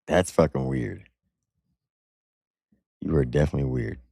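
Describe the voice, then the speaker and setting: A man with an extremely deep voice, full of gravelly fry, hosts a reaction video. He talks bluntly and mockingly, pushing back and arguing. The sound is dry and close. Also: sing-song, unhurried, dark tone, no room sound. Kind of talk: casual commentary.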